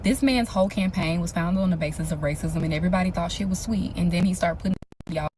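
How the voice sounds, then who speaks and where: Woman talking quick, blunt sarcastic opinion, kinda low voice. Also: darkish tone, slight background noise. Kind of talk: casual opinion video.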